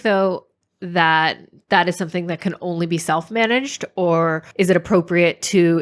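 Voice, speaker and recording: A woman in a relaxed podcast conversation. Her voice sits a little low for a woman, and she speaks candidly and reflectively. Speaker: podcast co-host. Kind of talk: casual conversational chat.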